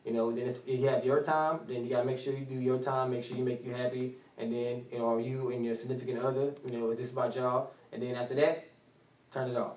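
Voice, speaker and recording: A man's voice: mid-range voice, level tone, fast, a little mellow, distant mic. Rambling man on talk radio. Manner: rambling, repeats phrases. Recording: roomy studio sound from off mic.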